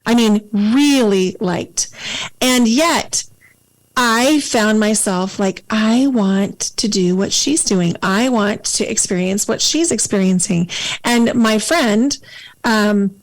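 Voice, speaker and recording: A woman hosting a podcast interview, speaking in a calm, measured and reflective way. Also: mid-range voice, rough recording. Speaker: podcast host. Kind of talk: casual conversational interview.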